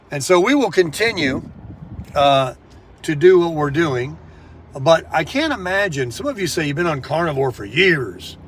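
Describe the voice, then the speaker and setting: A man's voice: a little high, fairly bright tone, a little hiss or hum. Chatty man vlogging outdoors on his phone. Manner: rambling, chatty, addresses viewers as folks. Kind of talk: casual vlog chat. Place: outdoors in a sunny town.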